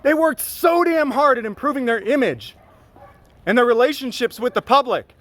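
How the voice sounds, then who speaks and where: A man who films police, standing on a sidewalk and yelling profane taunts at an officer during a live stream, filmed on a handheld phone. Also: very high voice, lively intonation, normal speed, dry recording. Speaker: cop watcher, channel host. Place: outdoors on a sidewalk.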